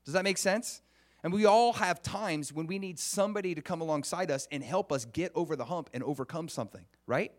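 A man preaching a conversational sermon, earnest and often putting questions to the congregation, with frequent restarts. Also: brisk. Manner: earnest, with restarts and lively pitch swings.

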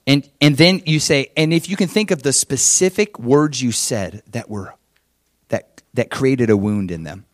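A man's voice: medium pitch, unhurried, no echo, studio quality. A man preaching a sermon as pastor, emphatic and conversational, often checking in with his listeners. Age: adult father with children.

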